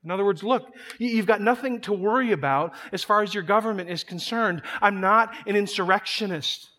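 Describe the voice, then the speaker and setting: A man delivers a sermon with emphatic conviction, doubling his words as he presses each point. His voice sits high for a man. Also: a little fast, bright, forceful tone. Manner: emphatic preaching, repeats words when building a point. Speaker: pastor.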